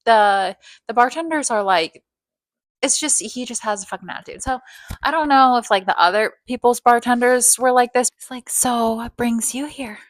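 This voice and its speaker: A woman's voice: fairly high pitch, moderate pace, no room sound. A woman casually telling a story, rambling with constant fillers and swearing. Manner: rambling, heavy filler "like", profane.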